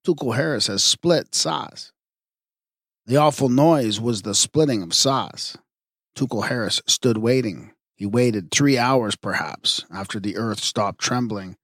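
A man narrating an audiobook of myths in a measured, even reading. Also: fairly low pitch, no echo, clean studio sound. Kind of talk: scripted narration.

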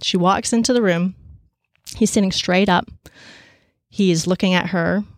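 A woman telling a story casually and with energy, with many fillers, and raising her pitch to act out the people she quotes. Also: unhurried, no echo, clean studio sound. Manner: animated, acts out quoted voices at a higher pitch.

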